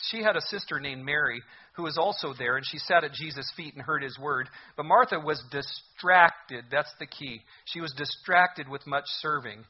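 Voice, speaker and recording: A man with a husky, slightly raised voice delivers a sermon in an earnest, conversational manner and keeps posing questions to his listeners. The recording sounds dull and lo-fi. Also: on the high side. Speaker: pastor.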